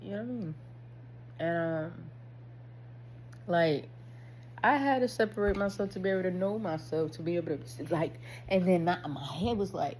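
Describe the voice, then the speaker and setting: A woman's voice: on the low side, moderate pace, long pauses, darkish tone, slight background noise, low-quality recording. A woman talking candidly to camera, slangy and swearing, laughing at herself as she reflects. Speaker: vlogger. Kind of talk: casual spiritual monologue.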